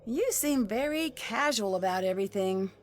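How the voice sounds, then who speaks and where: An actress playing a curious young female amateur detective who questions people calmly in a mystery game. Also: mid-range voice, moderate pace, slight background noise, close to an everyday voice. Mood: skeptical. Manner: inquisitive, calm questioning.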